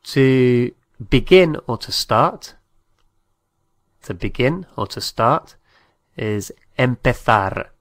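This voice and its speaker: A man teaching a language lesson, saying each phrase slowly and repeating it, sometimes spelling words out letter by letter. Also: medium pitch, no echo.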